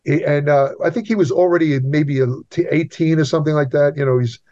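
A man's voice: a little high, fairly quick, a little mellow. Rambling male guest on a dull line. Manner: rambling, repeats himself, many restarts. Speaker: guest writer. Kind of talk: casual interview chat. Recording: dull lo-fi sound.

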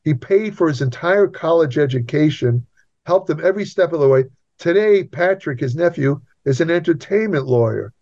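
Male interview guest, a bit high-pitched, repetitive storyteller, muffled recording. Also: animated, moderate pace, a little mellow. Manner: rambling, repeats himself, many restarts. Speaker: guest writer. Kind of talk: casual interview chat. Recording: dull lo-fi sound.

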